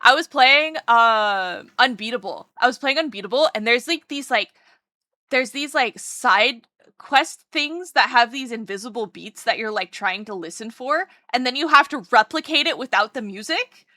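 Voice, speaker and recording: A woman streaming live, chatting casually with her viewers in a bubbly, excitable way, rambling with lots of fillers and greeting chat with repeated hellos. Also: fairly high pitch, moderate pace, no room sound.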